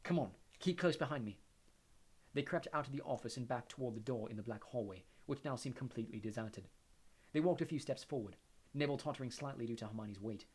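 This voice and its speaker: A man narrating an audiobook in a steady storytelling manner. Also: medium pitch, fast talker, breathy edge. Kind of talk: audiobook reading.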